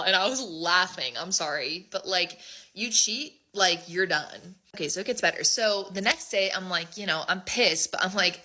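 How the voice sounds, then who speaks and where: Bright, chatty young woman. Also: medium pitch. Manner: fast, chatty, full of "like". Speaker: storyteller. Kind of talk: casual storytime.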